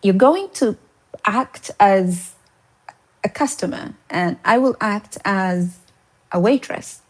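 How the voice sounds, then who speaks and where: A woman's voice: medium pitch, animated, slow. A woman teaching English in a casual spoken lesson, full of encouragement, who poses questions and answers them herself.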